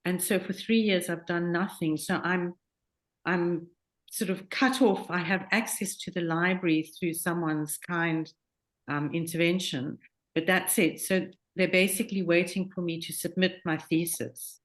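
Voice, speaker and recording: A woman speaks as a prospective student on a call, earnest and a little hesitant, restarting her phrases. Her voice sits a touch low. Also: fairly even intonation, unhurried.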